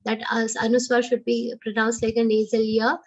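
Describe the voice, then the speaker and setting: A woman with an Indian English accent teaching verse recitation, chanting each line slowly and then explaining the pronunciation quickly in a lower voice. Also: completely flat delivery, darkish tone, dull audio. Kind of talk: slow chanted recitation with spoken pronunciation notes. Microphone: online class audio.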